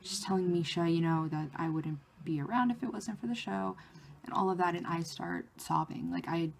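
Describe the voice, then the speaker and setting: A woman vlogger telling a story in a casual, excited way, with lots of "like" fillers. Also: on the low side, normal speed, gravelly, slight background noise. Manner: excited retelling of a fan encounter, many "like" fillers.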